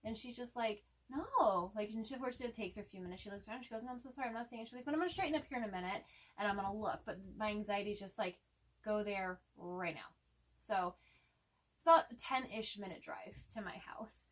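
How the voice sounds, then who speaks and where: A husky woman rambles through a nervous story, laughing now and then. She sits a little back from the mic, so her voice sounds slightly distant. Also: a little high, fast talker. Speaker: co-host. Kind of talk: casual chat.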